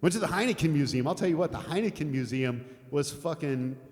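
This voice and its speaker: A little fast and animated, this older American man has a fairly high voice with a darkish tone as he rambles and laughs with his live stream audience, dropping some swear words. There's long reverb and guitar music behind him.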